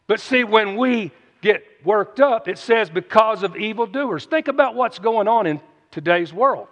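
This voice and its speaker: A man's voice: high voice, expressive, moderate pace, a bit bright. A man, reading scripture and then preaching in a folksy, joking way with asides to listeners, speaking through a runny nose. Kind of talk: Bible reading and sermon. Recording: muffled, with long reverb.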